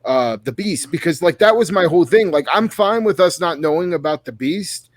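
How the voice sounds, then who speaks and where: A man raving about slasher movie kills in loose, swearing podcast banter. His voice sits a little high and the sound is dry and close, with no room around it. He rambles and restarts as he talks. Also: expressive, normal speed, no room sound. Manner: profane, enthusiastic, rambling with restarts. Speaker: podcast co-host. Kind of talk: casual horror movie review chat.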